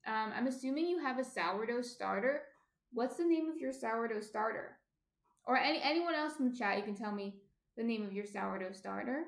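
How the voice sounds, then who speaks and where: Recorded indoors near her kitchen with a roomy echo, a New Jersey woman chats with live-stream viewers as she bakes, frequently trailing off into ums. Her pitch is fairly high and she speaks at normal speed.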